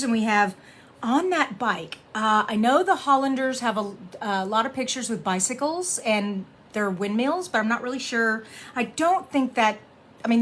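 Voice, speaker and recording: A middle-aged woman hosting a casual card-making tutorial, chatting warmly and laughing as she reads sayings aloud. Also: a little high.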